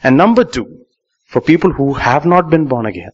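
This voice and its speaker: A man's voice: a little high, animated, fairly quick. A male pastor, preaching a sermon and questioning the congregation, repeating key lines for emphasis. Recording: muffled live sermon recording.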